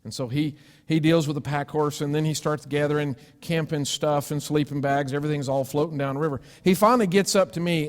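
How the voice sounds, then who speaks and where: A man preaching a sermon, telling a personal story with sudden loud cries and hushed, gentle asides. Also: on the high side, fairly even intonation, fairly quick, hardly any pauses. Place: church sanctuary. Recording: long church reverb.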